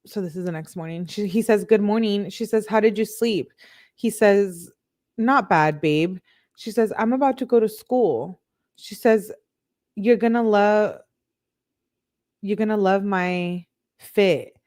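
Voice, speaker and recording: A woman's voice: mid-range voice, unhurried, pauses often, darkish tone. A woman hosting a casual live stream, reading text messages aloud and reacting as she goes, with frequent "like" fillers.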